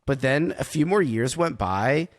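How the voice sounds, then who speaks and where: A man's voice: mid-range voice, expressive, a little slow. A man in his thirties hosting a podcast in casual chat, wry and teasing, reining in the others. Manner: wry, chiding, self-deprecating. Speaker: podcast host.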